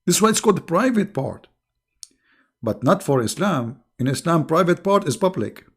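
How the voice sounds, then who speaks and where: A man hosting a livestream delivers a sarcastic, mocking commentary monologue, clearing his throat often. His voice is fairly high with big pitch swings, and he speaks at a normal speed.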